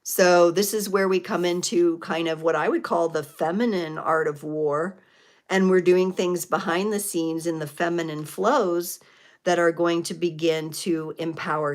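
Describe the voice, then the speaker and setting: Brief: middle-aged woman, tarot livestream host, lowish voice, reflective and searching. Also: a little hiss or hum. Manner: reflective, spiritual, with many fillers and restarts. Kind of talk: live tarot reading, casual talk.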